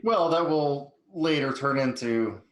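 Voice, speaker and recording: Guy in an echoey room, mid pitch, lots of uhs, easygoing chat. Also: measured pace, a little hiss or hum. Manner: hesitant, lots of "uh". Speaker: player. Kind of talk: casual podcast chat.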